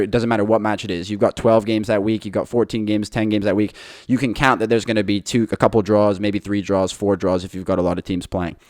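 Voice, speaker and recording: A man's voice: lowish voice, dry recording, studio quality. A man hosting a podcast, giving his betting picks in a confident, chatty monologue to listeners. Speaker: podcast host.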